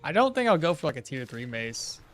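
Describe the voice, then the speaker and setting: A man's voice: a little high, big pitch swings, brisk, fairly bright tone, faint music behind. A man streaming a game live, chatting casually, rambling into asides and chuckling often. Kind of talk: casual live-stream chat while playing.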